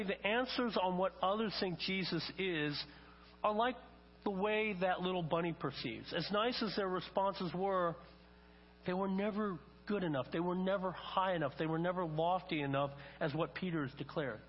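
A man's voice: high-pitched, moderate pace. An older man preaching a sermon, telling stories and acting out quotes with rising emphasis. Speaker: pastor. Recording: long reverb, dull lo-fi sound, faint mains hum.

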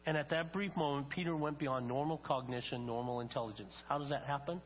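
Quick and steady, an older pastor's mid-range voice carries a sermon of stories and dramatized quotes that grow in emphasis. Expect long reverb, dull lo-fi audio, and a faint mains hum.

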